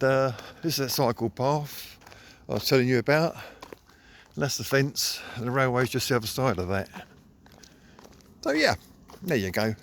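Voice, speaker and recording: A man's voice: medium pitch, fairly bright tone, a little hiss or hum. A middle-aged man, chatting casually and grumbling while walking his dog outdoors, filming on a phone. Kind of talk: casual walking vlog chat. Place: outdoors on a park path.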